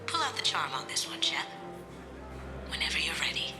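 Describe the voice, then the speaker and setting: A woman's voice: low voice, very animated, moderate pace. An actress voicing a playful female master thief, cool and teasing in manner. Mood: whispered. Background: game music.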